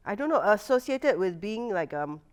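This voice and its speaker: A young woman co-hosting a podcast in casual chat, making teasing deadpan jokes, giggling at them, and dropping "lah" into her talk. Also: mid-range voice, moderate pace, noisy background. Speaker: podcast co-host.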